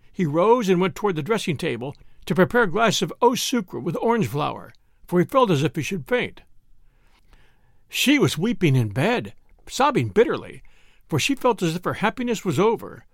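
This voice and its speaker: A man narrates a classic short story in a measured, scripted way. His voice sits high and moves freely across its range. The recording is dry and close. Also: very animated, dry recording. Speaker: podcast narrator.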